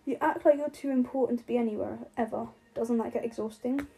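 A tipsy young man , as a woman reads him, needles his rival in a teasing, provoking way. The voice is husky and mellow, set fairly high. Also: fast talker, soft background music, poor audio. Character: cocky tipsy young man, sharp-tongued.

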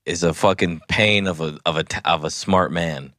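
A man's voice: low voice, moderate pace, a bit bright, no room sound, clean studio sound. A man in his twenties teasing friends in crude casual banter, laughing often. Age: 20s.

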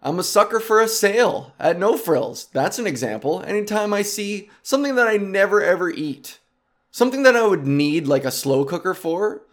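A man's voice: sits high, expressive, moderate pace. Rambling, self-mocking podcast host man. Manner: rambling, impulsive, self-mocking, tries out goofy names. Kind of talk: casual solo podcast chat.

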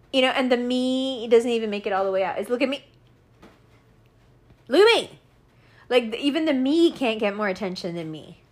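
Animated woman in a profane rant. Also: medium pitch. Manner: animated, profane, laughing, mocking impressions. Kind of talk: casual rant about actors.

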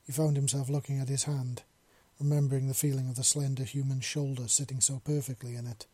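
A man narrating a story in a measured, unhurried reading. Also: mid-range voice, little pitch movement, dark tone, no echo.

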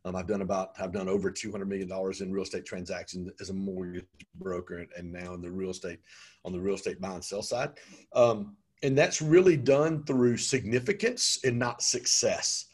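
A man's voice: low-pitched, steady tone, fairly quick, a little mellow, husky. A man talking as an interview guest about his business coaching, chatty and full of ums. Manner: talkative, frequent ums. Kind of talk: conversational interview.

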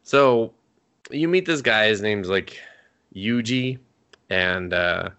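On the low side and a bit bright, this man's smooth voice moves with lively intonation at a slow pace. As a podcast co-host he gives a casual, rambling anime recap with many fillers and restarts, cursing freely.

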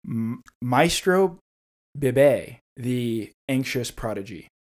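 A man co-hosting a casual podcast about a video game, who gets excited in conversation and reads a passage aloud in a measured storytelling voice. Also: medium pitch. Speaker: podcast co-host.

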